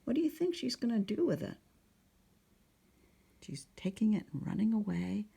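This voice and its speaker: A woman narrating a picture book at storytime, speaking softly and often slipping into a whisper, asking the listener questions. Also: mid-range voice, big pitch swings, normal speed, gravelly, breathy edge. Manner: soft, often sliding into a whisper.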